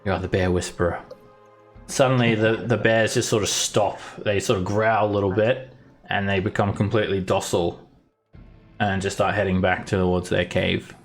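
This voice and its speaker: A man's voice: fairly low pitch, fairly even intonation, normal speed, faint music behind. A man narrating a tabletop game as dungeon master, describing the scene in a loose, descriptive way.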